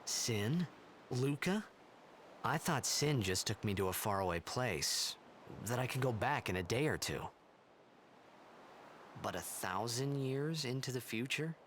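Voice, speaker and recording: An actor playing a confused young male athlete hero in a video game, halting and whiny as he tries to make sense of things. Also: mid-range voice, expressive, fairly bright tone, slight background noise. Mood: bewildered. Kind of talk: video game character dialogue.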